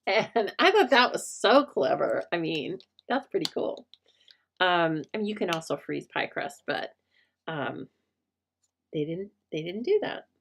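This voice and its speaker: Female craft host with a low, fry-edged voice; chatty, meandering, pokes fun at herself. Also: expressive, a little slow, slight background noise. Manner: chatty and rambling, talks to viewers by name; self-deprecating. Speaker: rubber stamp crafting host. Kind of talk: casual live-stream craft chat.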